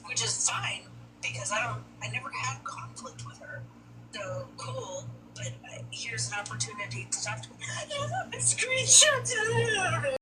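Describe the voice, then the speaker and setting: A woman telling an animated story on a group livestream, often laughing and mimicking others. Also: on the high side, moderate pace, over music. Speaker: livestream guest. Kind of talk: casual livestream chat. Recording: distant mic with loud background noise.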